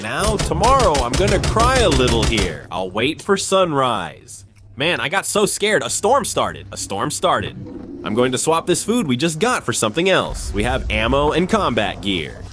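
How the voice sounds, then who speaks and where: A man hosting a gaming channel, giving excitable, jumpy play-by-play commentary on a survival game. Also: on the high side, moderate pace, over music.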